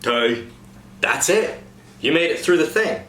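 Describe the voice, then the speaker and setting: A man coaching a cast on dialect sounds in an upbeat, casual way, slowing down to demonstrate each sound. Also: fairly high pitch, animated, a bit bright. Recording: echoey room, faint noise.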